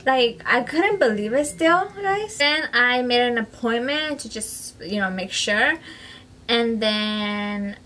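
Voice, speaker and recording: A chatty woman with a slightly raised pitch tells a personal story straight to camera. Her casual talk is full of "like" and "you know", and she slips into Spanish phrases. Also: expressive, takes it slowly, bright, forceful tone, a little hiss or hum, rough recording. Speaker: vlogger.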